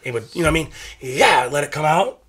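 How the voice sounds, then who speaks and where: A man hosting a podcast, telling loud, rowdy stories in casual chat, laughing and swearing often. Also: a little high, animated, racing, husky. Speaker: podcast host.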